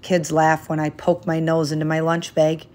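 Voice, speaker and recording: A woman reading a children's picture book aloud in a gentle, expressive, unhurried way. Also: low-pitched. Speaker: storyteller.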